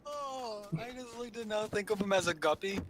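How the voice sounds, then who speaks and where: A man's voice: sits high, a little fast, noisy background. A man chatting casually on a gaming livestream, telling rambling stories and acting out quotes. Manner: rambling storyteller, acts out quotes. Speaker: livestream co-host. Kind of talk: casual chat while gaming.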